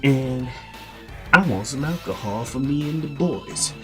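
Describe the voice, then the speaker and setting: A man's voice: mid-range voice, animated, unhurried, music in the background, voice pushed up, close to an everyday voice. A man voicing a swaggering, profane male mountain bandit boss who bullies and brags. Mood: angry bragging.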